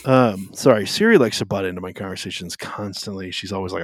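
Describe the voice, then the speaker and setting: A man's voice: low-pitched, fast, hardly any pauses, no echo. A man co-hosting a podcast, talking casually about faith in a rambling way, with lots of fillers and self-interruptions. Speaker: podcast co-host.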